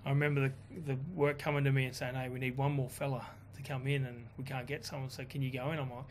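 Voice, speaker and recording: A man telling a story in a casual chat, animated and swearing, quoting others in his own voice. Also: medium pitch, quick pace, slight background noise. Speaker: guest.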